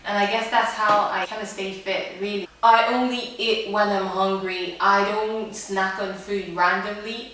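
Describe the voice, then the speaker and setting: Young woman from Nigeria, casual vlogger, chatty and giggly, roomy distant sound. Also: medium pitch. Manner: chatty, laughs easily, trails off softly. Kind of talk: casual chat to camera. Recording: echoey room, far from mic.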